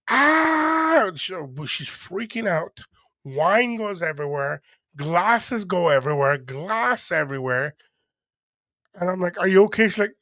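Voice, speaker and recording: A podcast co-host with a gravelly, fairly high voice tells stories in casual chat, animatedly acting out the quotes. There's no room sound.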